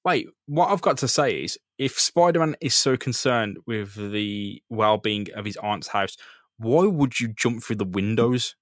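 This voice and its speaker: A man chatting on a podcast, easygoing and foul-mouthed as he recaps a comic. His voice sits at a middle pitch for a man. The sound is dry and close, with no room echo. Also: a little slow. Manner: laid-back, swears freely, laughs often. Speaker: podcast co-host. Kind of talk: casual chat recapping a comic.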